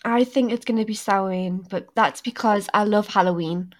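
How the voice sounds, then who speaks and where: Animated woman chatting. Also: mid-range voice, normal speed. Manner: animated, self-interrupting, many restarts. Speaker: podcast guest. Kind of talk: casual chat.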